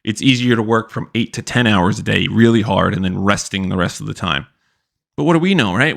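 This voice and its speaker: Brief: young male podcast host, gravelly, profane and blunt, casual rant delivery. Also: on the low side, brisk, fairly bright tone. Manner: blunt, profane, mocking impressions. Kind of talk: profane ranting commentary.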